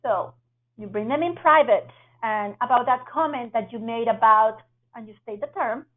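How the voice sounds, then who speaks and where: A woman with a fairly high voice is teaching in a leadership training webinar. She walks through each step like an instructor and keeps checking in with the listeners. Her audio is narrow and tinny, like a phone line on a video call. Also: moderate pace. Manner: instructive, often checks in with "right?". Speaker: webinar presenter.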